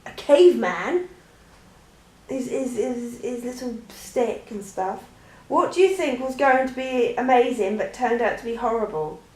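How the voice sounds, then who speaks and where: A chatty woman who rambles through her answers and keeps stopping to restart. Her voice sits a bit high and echoes in a bare room. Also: normal speed. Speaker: vlogger. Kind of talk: casual Q&A chat.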